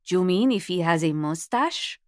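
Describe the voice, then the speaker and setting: A woman's voice: fairly low pitch, lively intonation, moderate pace, darkish tone, no room sound, close to an everyday voice. A woman putting on a throaty Spanish housekeeper with a teasing, bustling manner. The voice is close and dry, with nothing of the room around it.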